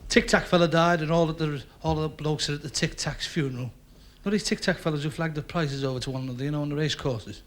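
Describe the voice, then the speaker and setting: A man's voice: fairly high pitch, fast talker. A man telling stand-up jokes on a club stage in a chatty way, laughing at his own punchlines and acting out the characters. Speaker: stand-up comedian. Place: television comedy club stage.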